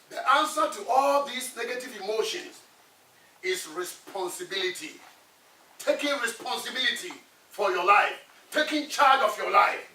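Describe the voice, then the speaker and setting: A man with a very high, forceful voice gives an emphatic motivational talk to students. He repeats his points and puts questions to his listeners. The sound is echoey and picked up from some distance. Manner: emphatic, repetitive, asks the audience questions. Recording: echoey room, voice from afar.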